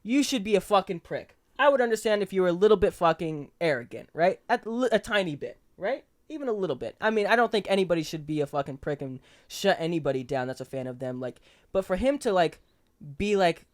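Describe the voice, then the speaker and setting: A man's voice: sits high, lively intonation, fast talker. A young man co-hosting a casual podcast chat, swearing constantly and rambling with emphasis. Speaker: podcast co-host.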